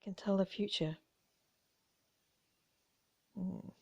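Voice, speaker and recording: A woman chatting gently as she shows her vintage jewellery finds. She talks quietly, often slipping into whispers, with playful asides. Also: on the low side, steady tone, extremely slow, creaky, husky. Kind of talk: relaxed show-and-tell chat.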